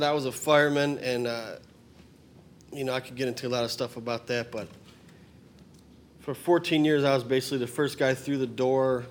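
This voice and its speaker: A man's voice: mid-range voice, slight background noise. A middle-aged man, introducing his song in a rambling, plainspoken way and stating blunt opinions. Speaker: singer-songwriter and former firefighter.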